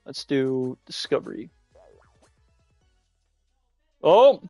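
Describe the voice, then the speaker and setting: A man livestreaming a game in casual, excitable chat, giggling often and shouting catchphrases. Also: medium pitch, a little slow, no echo, soft background music. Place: at home, mom nearby.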